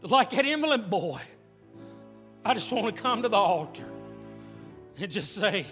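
A man's voice: high-pitched, big pitch swings, a little slow, long pauses, big-room sound, over music. A man preaching a revival sermon in church, telling a story emphatically and repeating his phrases. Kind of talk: revival sermon with altar call. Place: church sanctuary.

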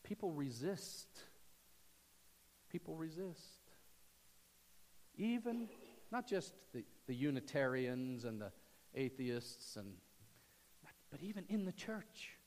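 A man preaching a sermon to his church, swinging from loud emphasis to hushed near-whispers. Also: mid-range voice, sing-song, measured pace, in a large hall. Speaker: pastor. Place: church sanctuary.

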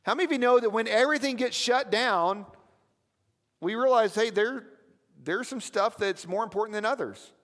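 A man's voice: sits high, normal speed, a bit bright, in a large hall. A man preaching a sermon as pastor, telling stories in a conversational way with asides to the congregation. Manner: storytelling, conversational with audience asides. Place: church.

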